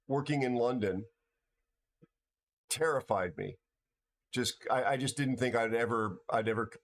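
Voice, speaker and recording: A man's voice: fairly low pitch, slight background noise. A tired man hosting a livestream, chatting casually with viewers and often stumbling over and repeating his words. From United States. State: tired from no sleep. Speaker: livestream host.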